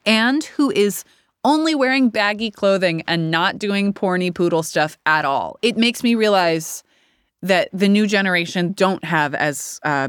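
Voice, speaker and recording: Brief: woman, 30s, low smooth voice, candid rambling interview guest. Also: a bit bright, no room sound, studio quality. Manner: candid, rambling, laughs often. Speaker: actor guest. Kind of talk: casual interview chat.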